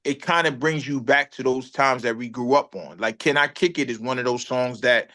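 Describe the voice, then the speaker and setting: A man's voice: medium pitch, normal speed. A man from Brooklyn, a rapper telling a story in a casual interview and acting out what others said. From Brooklyn, New York. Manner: animated storyteller, acts out other people's lines. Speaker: rapper guest.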